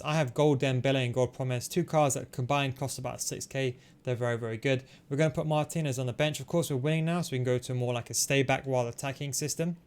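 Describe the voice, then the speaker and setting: A man giving fast, analytical play-by-play commentary over his own football video game match, explaining tactics with frequent fillers. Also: mid-range voice, fairly even intonation, darkish tone, smooth. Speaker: gaming tutorial host. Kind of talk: gameplay commentary.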